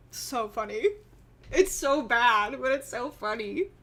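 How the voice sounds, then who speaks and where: A woman's voice: a little high, slow pace, fairly bright tone, a little hiss or hum. A young woman from Texas telling a family story in a casual vlog, rambling and giggling often. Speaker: vlogger.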